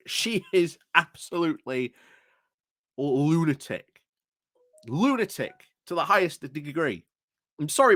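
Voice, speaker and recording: A man reacts to a clip with indignant commentary, firing off rhetorical questions and tripping over his words. His voice is slow and deliberate, recorded dry and close with no room sound. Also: high voice, sharp tone, no room sound. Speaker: political commentary YouTuber.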